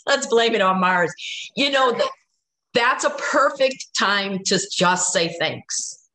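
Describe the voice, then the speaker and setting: A woman with a slightly hoarse voice tells stories in an easy, animated way. She sits at a middle pitch, and her speech rings in an echoey room. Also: slow pace, a little hiss or hum. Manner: storytelling, animated, laughs often. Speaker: guest speaker. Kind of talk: casual spiritual talk.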